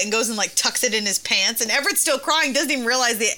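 A woman's voice: fairly high pitch, fast, pushed and bright. A woman in her thirties, a mother, telling a family story in casual chat, laughing often and acting out her kids' voices.

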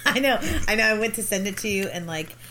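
A woman's voice: mid-range voice, expressive, brisk, bright, forceful tone, slight background noise. A woman co-hosting a casual sibling podcast, chatting and telling stories with frequent giggles. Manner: giggly, rambling storyteller. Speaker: podcast co-host. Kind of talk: casual chat.

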